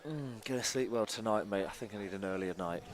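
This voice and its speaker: A man's voice: fairly low pitch, a little fast. A man co-commentating a live wakeboard event, with dry, teasing banter.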